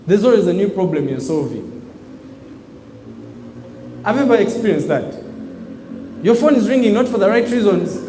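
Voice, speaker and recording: A man delivers a motivational business talk to a live audience. His voice sits high, and he drives his points home with call-and-response prompts. The sound rings with the long reverb of a large hall. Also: slight background noise. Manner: call-and-response preaching, emphatic, animated.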